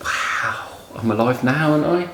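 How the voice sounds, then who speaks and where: A man's voice: mid-range voice, normal speed, fairly bright tone, reverberant, a little hiss or hum. A man co-hosting a podcast, swearing freely and teasing his co-host in casual chat.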